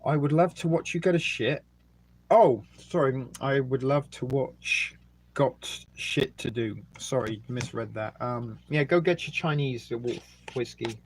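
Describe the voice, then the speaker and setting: A man's voice: mid-range voice, measured pace, a little hiss or hum. Rambling English man hosting a livestream. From England. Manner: rambling and jokey, with many ums, eating and burping between remarks. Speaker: livestream host. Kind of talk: casual live-stream chat reading viewer comments.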